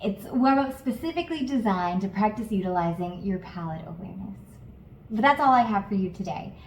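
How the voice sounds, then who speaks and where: A woman's voice: mid-range voice, brisk, slight background noise. Encouraging woman singing teacher, roomy sound. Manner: calm, encouraging step-by-step coaching with demonstrations. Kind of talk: guided vocal lesson.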